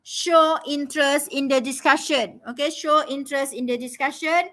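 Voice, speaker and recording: A woman's voice: high-pitched, fairly even intonation, moderate pace, sharp tone. A woman tutoring a live online lesson, emphatic and instructive, repeating key phrases and checking in with "okay?". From Malaysia. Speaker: English tutor.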